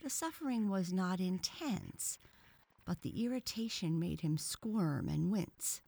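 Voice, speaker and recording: Low-voiced woman reading a story. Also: expressive, slow pace, vocal fry, warm tone, no echo. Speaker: narrator. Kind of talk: audiobook reading of a children's story.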